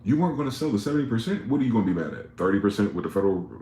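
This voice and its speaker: Brief: deep, mellow-voiced man, heated sarcastic profane rant, roomy echo. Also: expressive, very fast, slight background noise. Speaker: commentary vlogger. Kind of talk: ranting political commentary.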